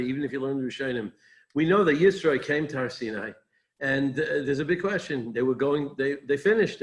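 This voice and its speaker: Rabbi thinking aloud in a Torah talk. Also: male voice, medium pitch, poor audio. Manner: conversational, digressive, thinking aloud.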